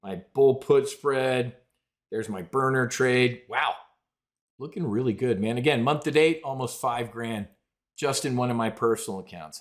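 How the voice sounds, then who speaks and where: A man's voice: medium pitch, lively intonation, a little slow. A middle-aged man hosting a live trading show, talking in a brash, rambling way and calling his audience folks. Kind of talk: live market commentary.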